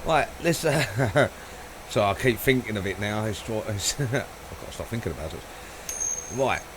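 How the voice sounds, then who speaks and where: A man's voice: fairly low pitch, animated, a little slow, background noise. A man live-streaming a flight simulator, chatting casually, rambling, swearing and laughing a lot.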